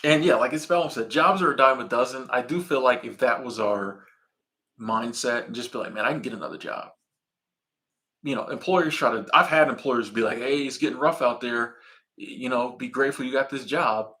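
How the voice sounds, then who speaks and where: A man's voice: mid-range voice, a little fast, pushed and bright. A man in his thirties hosting a casual live stream, reading viewer comments and chatting in a laid-back, slangy way.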